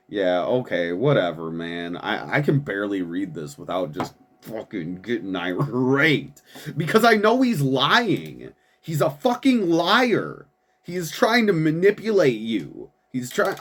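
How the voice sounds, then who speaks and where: A man hosting a political commentary show, ranting angrily and profanely, often repeating words and laughing with scorn. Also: fairly high pitch. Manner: reads quoted statements in a quick flat voice. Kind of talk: angry political commentary, reading and reacting to statements.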